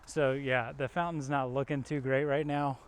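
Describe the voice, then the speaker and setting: A man's voice: mid-range voice, flat delivery, normal speed, clear, resonant tone. A man from around Rock Hill, South Carolina, hosting a casual walking tour vlog outdoors, chatting easily with lots of fillers. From Rock Hill area, South Carolina. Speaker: vlog host, local realtor-style guide. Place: outdoors in a park and shopping plaza.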